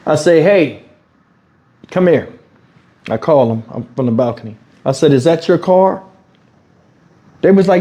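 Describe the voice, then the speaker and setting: A man's voice: on the high side, moderate pace, long pauses. A man from Houston telling a story in a casual vlog, acting out what people said and swearing freely, recorded at home on a lapel mic. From Houston, Texas. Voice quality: animated storyteller, acts out quotes, swears freely. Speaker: YouTube commentator. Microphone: wireless lavalier mic.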